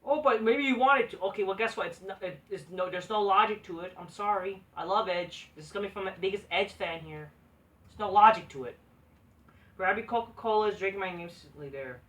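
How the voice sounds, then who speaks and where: A woman's voice: medium pitch, fairly quick, fairly bright tone, recorded from a distance. A woman reviewing a wrestling show in a profane, exasperated rant, swearing constantly and mocking wrestlers in sing-song quotes. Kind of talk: profane ranting commentary.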